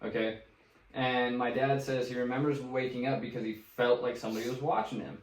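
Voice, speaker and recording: A young adult man, co-host of a casual podcast, telling a spooky story in a relaxed, swearing, filler-heavy way. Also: medium pitch, a little fast. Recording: roomy sound, distant from the mic.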